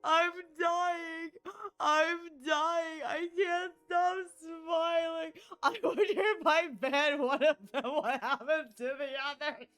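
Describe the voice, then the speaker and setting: A woman's voice: high voice, fairly even intonation, a little slow, hardly any pauses, fairly bright tone, faint music behind. A woman streaming a game, laughing hard and squealing through casual commentary.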